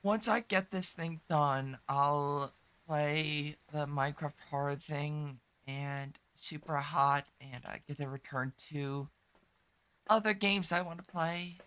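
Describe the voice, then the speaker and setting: A woman chats casually with her live-stream audience while she plays, her voice stuffy and congested from a rough morning. Her tone stays bright, and she talks in a low-key way, in loose phrases that trail off. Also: slow. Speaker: game streamer.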